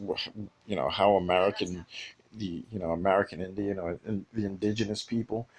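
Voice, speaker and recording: A man talking alone in a rambling casual monologue, halting often with fillers and restarts. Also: low voice, steady tone, low-quality recording.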